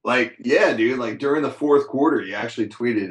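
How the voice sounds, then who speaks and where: A man's voice: mid-range voice, moderate pace, noisy background. A man co-hosting a casual sports podcast, laid-back and slangy, often laughing. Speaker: podcast co-host.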